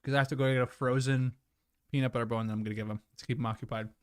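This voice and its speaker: A rambling, apologetic man chats casually with his livestream viewers from home, his voice sitting at an ordinary middle pitch. The sound is close and dry, with no room around it, and now and then he talks through a mouthful of food. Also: fairly even intonation, racing, smooth, no room sound. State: chewing food at times. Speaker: livestream host. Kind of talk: casual chat with live viewers.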